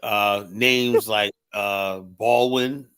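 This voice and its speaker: A man's voice: fairly low pitch, steady tone, drawn-out words, a bit bright, smooth. An American man hosting a casual talk show, speaking emphatically and often tagging lines with "you know?". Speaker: show host.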